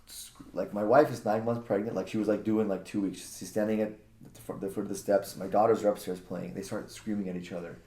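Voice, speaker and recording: A man casually telling a personal story, animated and acting out what people said, often repeating words. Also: fairly low pitch, quick pace, roomy sound. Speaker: guest, jiu-jitsu practitioner.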